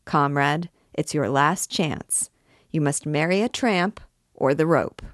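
A woman voicing a boisterous male king of vagabonds who hawks loudly like an auctioneer, in a storybook reading. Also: low-pitched, slow pace, dry recording, studio quality. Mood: rowdy. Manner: loud, hawking like an auctioneer.

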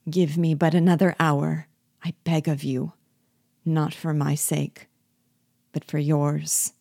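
A woman voicing a gentle, loyal man who speaks softly and persuasively, slowly and without anger. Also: deep voice, fairly even intonation, no room sound, clean studio sound. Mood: pleading. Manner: soft, persuasive, slow.

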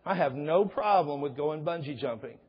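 In a church sanctuary, a middle-aged pastor preaches a sermon at a moderate pace, his expressive, slightly rough voice staying conversational as he acts out little dialogues with rising pitch. The recording sounds dull, with long hall reverb.

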